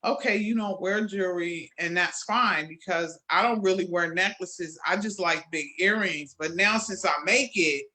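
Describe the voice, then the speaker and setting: A woman jewelry maker being interviewed, telling her story in a lively way and acting out the conversations she recalls. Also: on the low side, normal speed, hardly any pauses. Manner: animated storyteller, acts out quoted exchanges.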